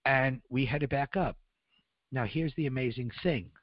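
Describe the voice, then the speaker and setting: A man's voice: mid-range voice, measured pace, no room sound, dull audio. A man speaking on the radio, telling his story in the first person and voicing the people in it. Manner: earnest, acts out dialogue in raised voices. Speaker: guest recounting survival.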